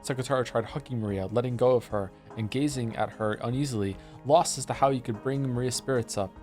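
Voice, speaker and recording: A man's voice: mid-range voice, fast talker, darkish tone, faint music behind. Man reading a visual novel aloud. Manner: casual, self-deprecating asides.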